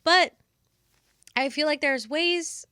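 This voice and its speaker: A woman's voice: high voice, slow, pushed and bright, dry recording, clean studio sound. A woman co-hosting a podcast in casual chat, talking in rambling runs full of fillers and restarts. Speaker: podcast co-host.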